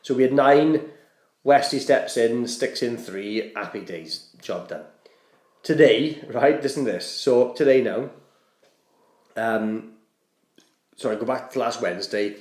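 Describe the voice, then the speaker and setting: A man's voice: mid-range voice, measured pace, long pauses. A man, a podcast guest telling a long story in casual chat, rambling and restarting with lots of "I said". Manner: rambling, animated, stacks up "I said" and restarts. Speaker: podcast guest, charity co-founder. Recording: roomy echo.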